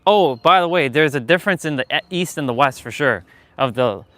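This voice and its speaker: Bright, crisp-voiced Canadian man chatting. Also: fairly high pitch, expressive, a little fast, dry recording. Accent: Western Canadian English. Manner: loose, chatty, laughs often and swears casually. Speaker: fitness live-stream host. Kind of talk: casual live-stream chat. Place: lives in Canada.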